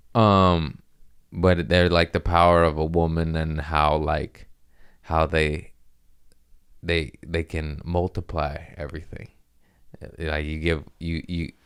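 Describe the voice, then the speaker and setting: Profane rambling comedian, deep voice. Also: male voice, clear, resonant tone. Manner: rambling, profane, laughs at own jokes. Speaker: comedian podcast host. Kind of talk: casual comedic monologue.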